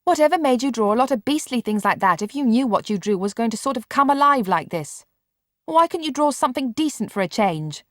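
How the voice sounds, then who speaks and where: A woman reader voicing a bedridden boy who is blunt, brusque and quick to scold. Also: on the high side, lively intonation, no room sound, clean studio sound, pitched above the performer's own voice, close to an everyday voice. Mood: angry.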